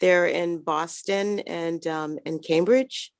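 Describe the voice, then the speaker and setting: A woman's voice: on the low side, fairly even intonation, takes it slowly, no room sound, studio quality. A woman donating an item, speaking hesitantly and apologetically. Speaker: donor.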